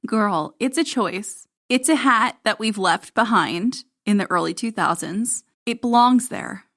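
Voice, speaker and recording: A woman's voice: mid-range voice, lively intonation, a little slow, fairly bright tone. A woman co-hosting a podcast, recapping a reality show in casual, snarky banter. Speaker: podcast co-host.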